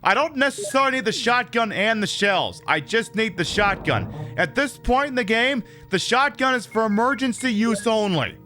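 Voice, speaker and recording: A man's voice: high-pitched, animated, normal speed, hardly any pauses, pushed and bright, faint music behind. A man streaming a game, rambling and joking about himself as he plays. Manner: rambling, self-mocking and jokey. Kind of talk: live gameplay commentary.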